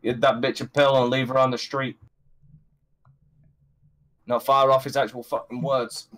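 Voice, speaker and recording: A man joins a livestream call as a guest. His middle-pitched voice carries crude jokes. He keeps tripping into restarts mid-sentence. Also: level tone, unhurried, a bit bright. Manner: crude, joking, stumbling restarts. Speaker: stream guest. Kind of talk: casual livestream chat.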